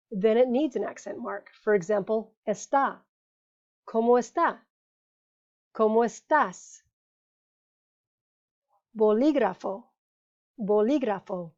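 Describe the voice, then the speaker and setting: A woman teaching a grammar lesson, patiently explaining rules and saying each example word slowly before repeating it. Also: mid-range voice, darkish tone. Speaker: Spanish teacher. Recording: dull lo-fi recording.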